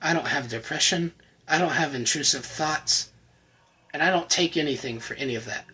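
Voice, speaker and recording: A man giving an earnest, emotional personal faith testimony to the camera, often halting and repeating words. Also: fairly high pitch, bright, forceful tone, husky, low-quality recording. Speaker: channel host sharing his recovery testimony.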